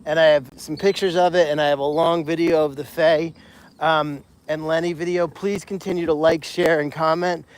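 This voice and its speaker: A man who looks after a farm animal sanctuary chats casually on a live stream, recorded on a handheld phone as he walks across a pasture outdoors. He rambles with many fillers and restarts, in a fairly high, level voice at a moderate pace.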